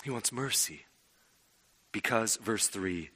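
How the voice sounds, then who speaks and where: A man preaching a sermon, swinging from loud emphasis to hushed, drawn-out words. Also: on the high side, animated. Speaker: pastor. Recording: long hall reverb.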